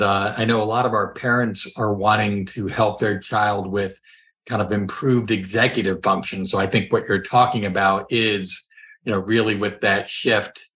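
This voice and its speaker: A man's voice: fairly low pitch, a bit bright. A man hosting a podcast interview, talking in a conversational, thoughtful way. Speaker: podcast host.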